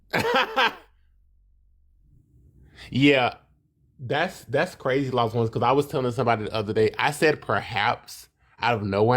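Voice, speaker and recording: Lively-pitched man chatting on a live stream. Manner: playful, acts out quotes in a raised voice. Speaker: livestream co-host. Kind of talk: casual chat.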